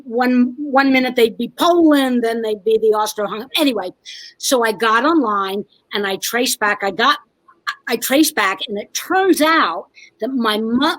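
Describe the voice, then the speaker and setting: Her voice runs slightly high and somewhat bright, captured on a rough recording. She's a female comedian and writer from New Jersey, chatting casually as an interview guest and spinning wry family tales laced with fast jokes.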